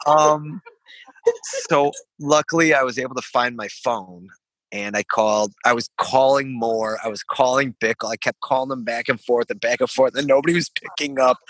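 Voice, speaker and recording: A man's voice: mid-range voice, moderate pace, pushed and bright, no room sound. Swearing young man telling a story. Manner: rambling, laughing, swears freely. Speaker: podcast guest, veteran. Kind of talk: casual storytelling.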